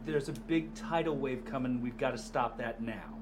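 A man playing in a tabletop game, talking in a lively, drawn-out way. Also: mid-range voice, background noise. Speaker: player. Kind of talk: tabletop role-play chat.

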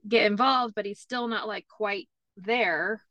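A woman interview guest shares family stories in a casual chat, leaning heavily on "like" and "you know." Her mid-range voice is bright and forceful and a little slow, and the audio is dull, with no room sound.

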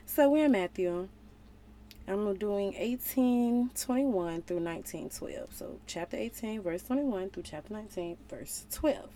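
A young woman leading a casual Bible study, reading scripture aloud and retelling it in playful, slangy, animated asides. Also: medium pitch, measured pace, a little hiss or hum. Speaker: relationship vlogger.

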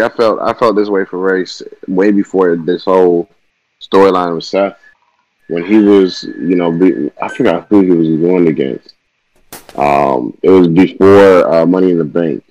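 A man's voice: deep voice, moderate pace, a little mellow, dry recording, lo-fi sound. A young man co-hosting a casual podcast, blunt and laid-back, often laughing. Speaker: podcast co-host. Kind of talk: casual chat.

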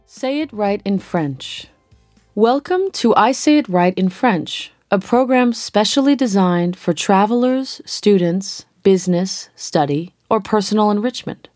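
A woman narrating a pronunciation lesson in a slow, careful, instructional way. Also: medium pitch, expressive, a little mellow, no room sound, clean studio sound, faint music behind. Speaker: language course narrator.

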